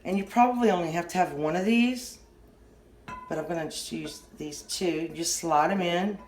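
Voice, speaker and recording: A middle-aged woman with a Southern US accent giving a casual kitchen how-to, rambling and halting, often stopping mid-sentence to restart. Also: fairly low pitch, darkish tone, slight background noise. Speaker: home cooking channel host.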